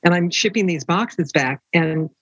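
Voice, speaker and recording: In an interview, an older woman known for romance novels tells stories in an unhurried, fairly low voice with a breathy edge, animatedly acting out the voices of people she quotes. The recording is dry, with the highs cut off.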